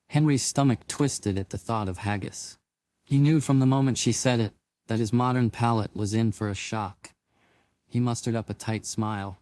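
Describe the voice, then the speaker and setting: A man narrating a scripted audio drama in an even, measured storytelling manner. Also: medium pitch, no room sound.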